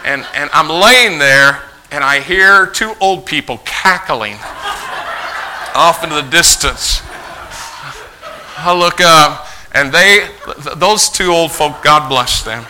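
A male preacher telling a folksy story in a sermon, animated, acting out the dialogue. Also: a little high, slow, slight background noise, poor audio.

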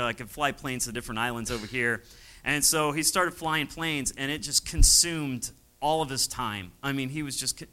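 A man's voice: medium pitch, sharp tone, poor audio. A man, a missionary pastor, telling his story from the pulpit, chuckling often and acting out the voices of people he quotes. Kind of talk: testimony from the pulpit.

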